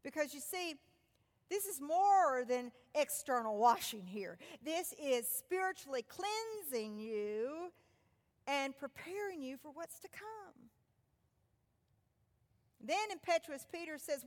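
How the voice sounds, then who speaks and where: A high-voiced woman preaching, her pitch leaping up and down as she tells the story. She shifts between loud, forceful stretches and soft, hushed ones. Her voice rings with a long reverb. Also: expressive, slow. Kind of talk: sermon retelling a scripture story.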